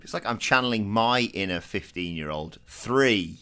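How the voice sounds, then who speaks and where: A man playing a tabletop game who talks slowly and keeps breaking into giggles. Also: fairly low pitch, expressive, sharp tone, smooth. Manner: giggly, slow-spoken. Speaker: player. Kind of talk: tabletop role-play.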